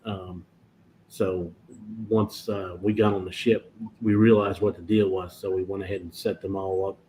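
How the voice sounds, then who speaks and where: A man's voice: deep voice, level tone, normal speed, warm tone. A man chatting casually on a livestream, rambling and correcting himself as he explains cruise internet plans. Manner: rambling, self-correcting storyteller. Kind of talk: casual chat. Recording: dull lo-fi stream audio with faint noise.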